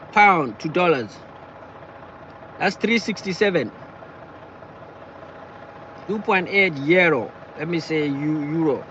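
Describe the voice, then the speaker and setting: Higher-voiced man rambling on a live stream. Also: a bit bright, lo-fi sound, slight background noise. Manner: halting, repeats words and phrases often. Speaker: livestreamer reading viewer chat. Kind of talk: casual live-stream chat. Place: in or beside a parked car.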